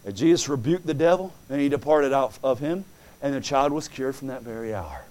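A man preaching a fervent sermon, reading scripture aloud and swinging from quiet asides to loud exclamations. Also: medium pitch, lively intonation, a little fast. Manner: acts out quoted voices in dialogue.

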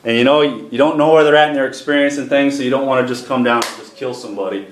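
A man preaching a sermon to a congregation, reading scripture slowly and leading prayer, with pauses for emphasis. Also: mid-range voice. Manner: slows and lifts his voice for emphasis, responsive to the congregation. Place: church sanctuary with congregation. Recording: echoey church room, faint noise.

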